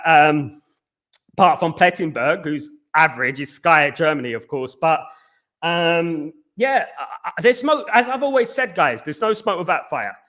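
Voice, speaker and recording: A man's voice: fairly high pitch, a bit bright. A man hosting a football live stream, chatting casually and out of breath, answering viewer comments. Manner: chatty, repeats "absolutely" and "big up".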